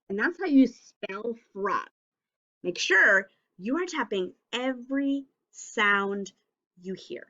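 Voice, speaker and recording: A woman teaching young children a phonics and sentence lesson on video, speaking slowly and clearly in an encouraging way. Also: fairly high pitch, animated, pushed and bright. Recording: slightly dull lo-fi audio.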